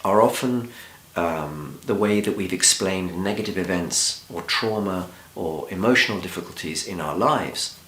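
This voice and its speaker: A man who works as a therapist, giving a calm, measured talk that opens with a story. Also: sits low. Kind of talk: scripted talk. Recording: roomy echo.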